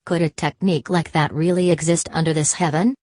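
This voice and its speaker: Woman reading as a shaken young noblewoman, trembling voice, low pitch, dry sound. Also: steady tone, a little fast, darkish tone, no echo. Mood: shocked. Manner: trembling, astonished. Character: veiled noble young woman, startled and tremulous.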